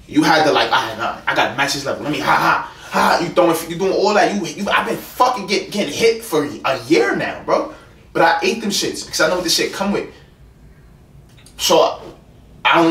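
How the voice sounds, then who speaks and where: A young man with a New York accent argues with his ex in a fast, rambling rush, cursing and repeating himself. His voice sits a little high for a man. It is caught by a hidden camera set well back in an echoey room. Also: a bit bright. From the Bronx, New York. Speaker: YouTube prankster. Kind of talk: heated argument with ex-partner. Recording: roomy sound from a distant hidden camera.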